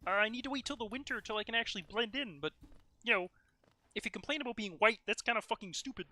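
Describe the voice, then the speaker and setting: A man's voice: high-pitched, quick pace, pushed and bright, no room sound, voice pushed up. A man voicing a well-meaning male frog puppet with a nasal, warbling voice, talking in a rambling, hesitant way while sick. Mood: folksy. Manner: hesitant, filler-heavy storytelling. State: sick, voice strained.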